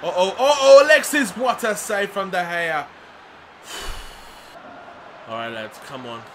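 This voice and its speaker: Excitable young man, high voice. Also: drawn-out words, a little hiss or hum. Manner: excitable, swings from groans to yelling. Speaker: gaming commentator. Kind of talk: live commentary over a football video game.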